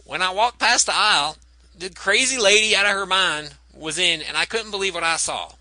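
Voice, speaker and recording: A gossipy small-town store clerk talks in a broad, exaggerated Southern drawl, as a man puts the voice on. The tone is bright and a little high, told like a wide-eyed witness. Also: normal speed, dry recording, rough recording. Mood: scandalized.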